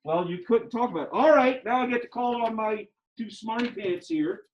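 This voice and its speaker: A man's voice: sits high, a little fast, dull audio, a little hiss or hum. A male math teacher in a classroom who teaches emphatically, repeats key steps and teases his students with sarcasm.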